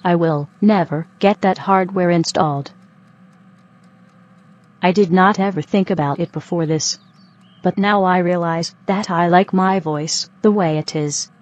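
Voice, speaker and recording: An actress playing a female robot who speaks in a flat, formal, stilted way. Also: on the low side, unhurried, lo-fi sound, lightly acted. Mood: stiff. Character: stiff female robot leaving her partner.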